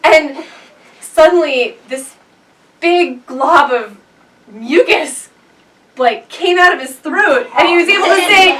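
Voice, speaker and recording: A woman narrates her part of a group tale, slow and hesitant with giggles. Her voice is high and bright. The mic sits well away from her. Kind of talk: improvised group storytelling. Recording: distant mic, faint noise.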